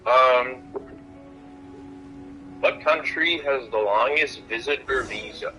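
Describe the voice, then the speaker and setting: A young man streaming a game, chatting casually, loud and excitable with plenty of swearing. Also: medium pitch, soft background music, low-quality recording. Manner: loud, profane, excitable, quick to laugh. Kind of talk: casual chat while gaming.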